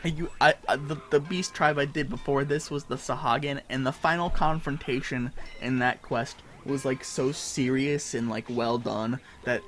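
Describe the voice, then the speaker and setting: A man's voice: mid-range voice, steady tone, normal speed, hardly any pauses, fairly bright tone. A man streaming a game, giving rambling, self-mocking commentary with a strained, tired voice. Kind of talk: casual gameplay commentary.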